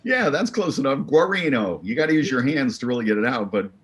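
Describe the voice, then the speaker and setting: A man's voice: medium pitch, sing-song, quick pace. A man being interviewed on a podcast, talking about his background in an easygoing, upbeat way. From Arizona. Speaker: podcast guest, real estate investor. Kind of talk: relaxed interview talk.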